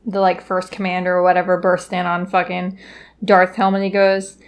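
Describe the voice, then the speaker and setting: A woman's voice: on the low side, completely flat delivery, moderate pace. A young woman co-hosting a casual podcast, swearing a lot and breaking into quoted movie lines. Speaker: podcast co-host. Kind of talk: casual chat.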